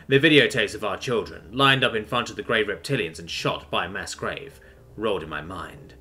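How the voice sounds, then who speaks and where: A man's voice: fairly low pitch, moderate pace, sharp tone, faint music behind. A man narrating a sci-fi story in a tense, dramatic reading.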